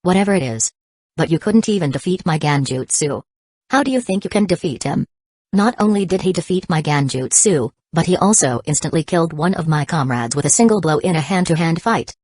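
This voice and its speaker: A woman gives voice to a calculating young ninja man in a storybook. He reasons in a steady, persuasive way. Her voice sits low and dry. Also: brisk, slightly rough, dry recording. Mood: calm.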